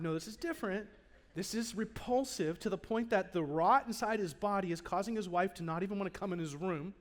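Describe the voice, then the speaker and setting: A man to a church congregation. He delivers the sermon theatrically, giving voice to the people in the story and shifting from near-whispers to loud cries as he talks straight to the people in the pews. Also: sits high, fairly quick. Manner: dramatic, acts out the speakers in the story he preaches on; swings from hushed to loud, speaks directly to the congregation. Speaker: pastor. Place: church in front of a live congregation.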